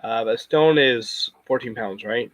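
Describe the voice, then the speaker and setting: A man's voice: mid-range voice, measured pace, a bit bright, dry recording, low-quality recording. A man chatting casually on a live stream, rambling and circling back with frequent restarts. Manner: rambling, full of fillers and restarts.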